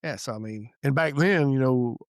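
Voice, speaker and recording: A middle-aged man, a retired police sergeant telling stories in a casual podcast chat, profane and animated. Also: mid-range voice, normal speed, dry recording, studio quality.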